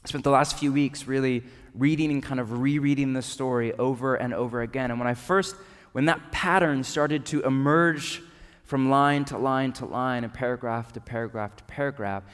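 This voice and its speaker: A man's voice: medium pitch, moderate pace, a bit bright, clear, resonant tone. A man preaching a sermon as a pastor, talking conversationally and asking rhetorical questions. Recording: long reverb of a large hall.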